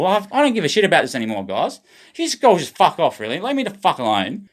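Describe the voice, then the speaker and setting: Australian man, livestream, rambling monologue, heavy swearing, agitated, very lively pitch.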